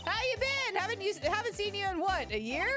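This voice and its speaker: A woman voicing a brash, excitable young woman photographer in a game, loud and full of exclamations. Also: very high voice, a little fast, music in the background, voice pushed up. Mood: excited.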